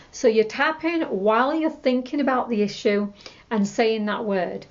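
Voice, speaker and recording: A woman teaching a tapping technique, calmly repeating example phrases as she explains. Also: on the high side, measured pace, lo-fi sound. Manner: calm, repetitive, demonstrates scripts aloud. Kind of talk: instructional talk to camera.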